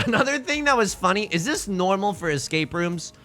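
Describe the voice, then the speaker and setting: A man's voice: high-pitched, sing-song, fairly quick, pushed and bright, soft background music. A young man streaming live, telling a rambling, self-mocking story with frequent laughs while he plays a game. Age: young adult.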